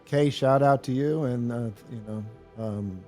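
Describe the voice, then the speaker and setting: A man's voice: medium pitch, measured pace, warm tone, soft background music. A man hosting a podcast, asking questions in a casual, plain-spoken way. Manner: casual, slightly rough-spoken, grateful. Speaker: podcast host.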